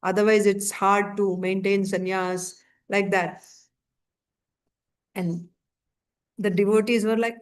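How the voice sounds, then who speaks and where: A woman teaching a scripture class, retelling a story in a conversational way with frequent fillers and lively quoted asides. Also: mid-range voice, takes it slowly, pauses often.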